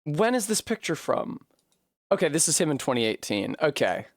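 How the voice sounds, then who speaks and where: Male game streamer, slightly high voice that jumps all over, profane and excitable, dry close sound. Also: moderate pace, dry recording. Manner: animated, swears freely, bursts of laughter. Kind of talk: live gameplay commentary.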